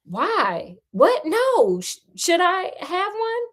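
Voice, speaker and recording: A woman's voice: huge pitch swings, very slow, heavily acted. Woman doing a yelping, panicky Englishman. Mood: flustered. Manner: yelping, shrill alarm. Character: flustered young Englishman, easily panicked.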